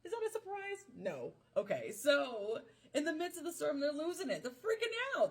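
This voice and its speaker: A young woman podcast host retelling a Bible story casually, playful and full of slang and quick joking asides. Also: high-pitched, huge pitch swings, a little hiss or hum.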